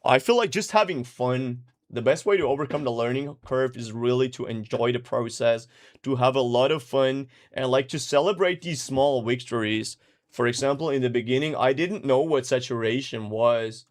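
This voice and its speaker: A relaxed male mix engineer chats casually while answering viewer questions, swearing freely and dropping into lively storytelling. His voice sits at an ordinary middle pitch. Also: normal speed. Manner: laid-back, profane, animated storytelling. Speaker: music producer and mix engineer. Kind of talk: casual livestream Q&A.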